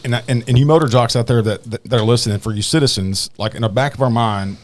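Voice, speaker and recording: A man's voice: medium pitch, quick pace. A man, a police officer hosting a podcast, telling a story in casual chat with many restarts. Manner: rambling, many restarts, laughs through his story.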